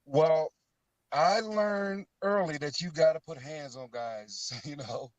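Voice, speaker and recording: A middle-aged man, a former pro football player, chatting as a guest and telling stories, getting animated when he quotes teammates. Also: fairly high pitch, slow pace, lo-fi sound, crowd noise. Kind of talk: casual phone interview.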